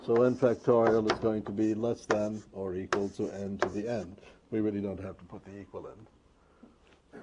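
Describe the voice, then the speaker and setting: A man's voice: medium pitch, a little mellow. A man giving a math lecture, working through steps methodically. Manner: methodical, step-by-step explaining. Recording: noisy classroom recording.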